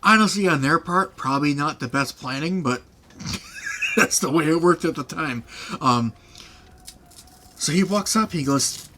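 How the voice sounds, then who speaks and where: Bright-voiced young man telling stories. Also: on the high side, animated, measured pace, long pauses. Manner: laughing often, rambling with fillers. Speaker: podcast host. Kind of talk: casual storytelling chat.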